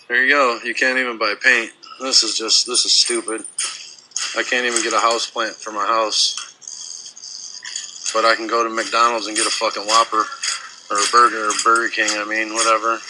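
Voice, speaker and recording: A man's voice: medium pitch, background noise. A man filming himself inside a store on a phone, ranting furiously and sarcastically, swearing often. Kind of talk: angry ranting phone video.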